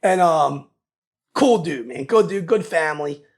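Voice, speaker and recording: A man with a Philadelphia accent tells his story in a loose, animated interview chat. His voice sits high for a man and has a gravelly rasp, and "dude" peppers nearly every sentence. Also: measured pace. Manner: animated, swearing, says "dude" a lot. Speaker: guest.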